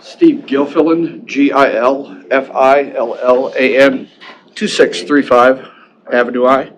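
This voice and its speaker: A man's voice: mid-range voice, fairly even intonation, slow pace, poor audio. An older man, a retired deputy sheriff, speaking plainly and matter-of-factly in public comment at a county board meeting.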